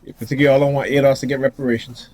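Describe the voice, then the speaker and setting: A man's voice: mid-range voice, flat delivery, very fast, a little mellow, a little hiss or hum. A man ranting defiantly to the camera outdoors in a casual, confrontational vlog, laughing now and then. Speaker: vlogger.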